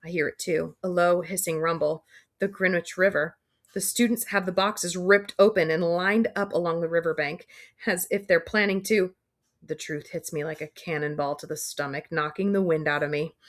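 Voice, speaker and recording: A woman's voice: on the low side, steady tone, normal speed. A woman reading a first-person audiobook in a wry, dry storytelling manner. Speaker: audiobook reader.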